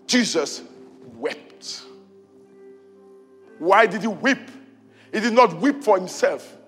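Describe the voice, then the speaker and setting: A man preaching a sermon in church, repeating rhetorical questions and rising to shouts. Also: high-pitched. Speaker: pastor. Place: church hall. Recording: reverberant hall with faint music.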